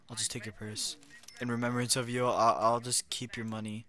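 A young man giving goofy, playful commentary over a video game, chatting to the characters and swinging between loud outbursts and hushed whispers. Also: mid-range voice, flat delivery, fairly quick. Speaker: gaming commentator.

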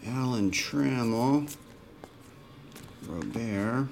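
A man's voice: medium pitch, drawn-out words, gravelly, darkish tone, slight background noise. A man hosting a live card break in a casual way, calling out player names as he opens packs. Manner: rattles off player names while opening packs.

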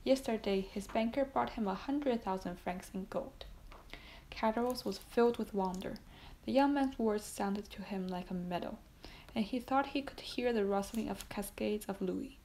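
A woman narrates a classic novel as an audiobook, reading both sides of a dialogue without strong character voices. Her voice has a creaky, gravelly edge at a middle pitch, and she now and then stumbles and corrects a word. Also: moderate pace, darkish tone. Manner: reads every part in much the same voice, small slips. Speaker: audiobook reader.

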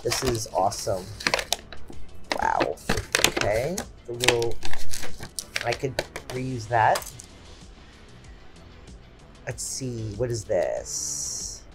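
A woman's voice: rumbling low, very animated, very slow, gravelly, long pauses, over music. A woman in her forties hosting a craft channel, chatting casually and exclaiming often as she unboxes gifts at home.

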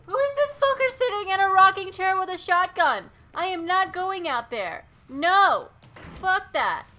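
A woman playing a horror game and reacting out loud, frightened, swearing, gasping and laughing nervously. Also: very high-pitched, expressive, unhurried. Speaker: let's play gamer.

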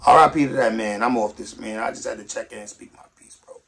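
A man's voice: lowish voice, quick pace, vocal fry. Slangy New man ranting. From New York. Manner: slangy, animated, swings from soft to loud. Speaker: vlogger reacting to news. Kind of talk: casual street-talk commentary.

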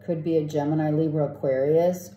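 A woman's voice: low voice, steady tone, a little fast, dark tone, echoey room, slight background noise. A woman giving a casual tarot reading, rambling and often asking "right?". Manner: rambling, repeats herself, asks "right?". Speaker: tarot reader.

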